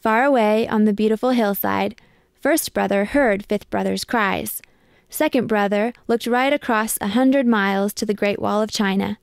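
A woman's voice: medium pitch, gravelly, clear, resonant tone, no echo, studio quality. Woman reading a picture book aloud. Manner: measured, expressive storytelling. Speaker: storybook reader.

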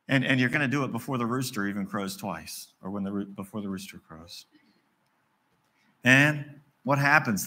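Bright-voiced West Virginia pastor preaching. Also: male voice, medium pitch. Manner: conversational storytelling, acting out dialogue. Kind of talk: sermon.

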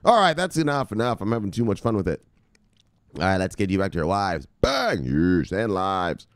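A man hosting a crypto news show, talking in an excited, casual way, shouting catchphrases, laughing and swearing. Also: low-pitched, a little fast, no room sound, clean studio sound. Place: home near the beach.

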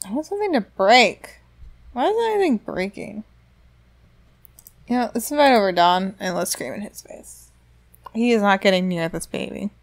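A woman's voice: medium pitch, animated, moderate pace, long pauses. A young adult woman giving casual commentary while she plays a life-simulation game, chatty and reacting aloud to what happens. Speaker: let's play gamer.

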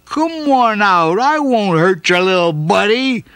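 A man voicing a friendly, encouraging male dog in a children's storybook, speaking slowly and kindly. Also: high-pitched, big pitch swings, fairly bright tone, smooth, no room sound, pitched above the performer's own voice, exaggerated voice. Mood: coaxing. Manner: kind, coaxing, slow and emphatic. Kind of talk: storybook character voice.

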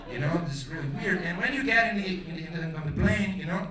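A man's voice: sits high, fast, hardly any pauses, a loud crowd. A Brazilian man from Rio de Janeiro with a carioca accent, speaking English as a second language and doing a loose, profane stand-up set on a theater stage. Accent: Brazilian Portuguese, carioca. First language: Portuguese. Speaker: stand-up comedian. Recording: roomy theater, distant mic, loud audience.

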